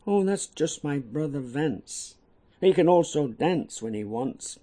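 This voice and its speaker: A man's voice: a little high, expressive, measured pace, warm tone, voice pushed up. A man reading a poem, voicing a mischievous boy who chatters to Santa. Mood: chatty. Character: lively mischievous young boy.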